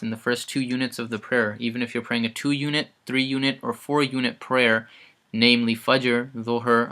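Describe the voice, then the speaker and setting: A man teaching Quran recitation in a casual lesson. He explains each sound step by step, repeats words several times and chants the recited verses louder. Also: mid-range voice.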